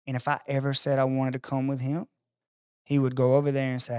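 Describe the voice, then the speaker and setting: Male guest, animated storyteller doing voices, mid pitch, dry close sound. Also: fairly quick, clean tone, no echo. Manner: animated storyteller acting out quoted voices, profane. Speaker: podcast guest. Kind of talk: casual storytelling conversation.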